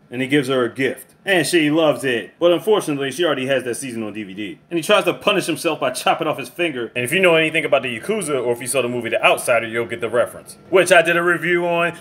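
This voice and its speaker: A man's voice: medium pitch, a bit bright. A man giving a casual, chatty review with plenty of swearing. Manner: fast, profane and chatty.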